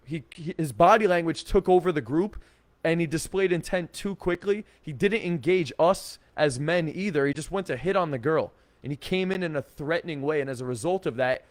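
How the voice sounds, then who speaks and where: A man giving casual dating advice to camera, energetic and blunt, with swearing and lots of 'like'. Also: a little high, brisk, dry recording. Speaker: dating coach.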